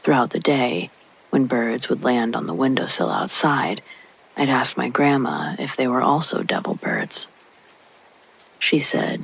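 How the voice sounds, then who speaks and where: A man narrates a true horror story in a low, hushed, near-whispered voice. His tone is gravelly and husky, with an even middle pitch, and steady rain falls behind him. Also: rough recording. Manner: hushed, slow, often breathy and whispery. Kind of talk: scripted narration.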